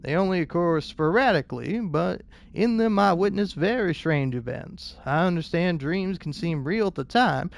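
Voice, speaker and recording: A man's voice: sits high, animated, gravelly, no room sound, clean studio sound. A man putting on a formal British letter-writer. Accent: put-on British. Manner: formal, measured reading. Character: formal letter-writing man haunted by dreams.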